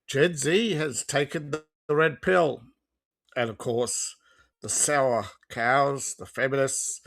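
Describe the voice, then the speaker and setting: Sarcastic woman, slow and lively. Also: low-pitched. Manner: sarcastic, mocking. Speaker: host. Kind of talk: reaction commentary.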